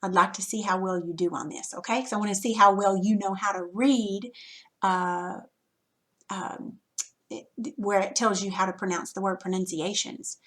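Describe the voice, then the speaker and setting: A woman's voice: mid-range voice, fairly even intonation, moderate pace, fairly bright tone. A woman teacher patiently walking students through a recorded reading lesson, step by step, checking in with frequent "okay"s.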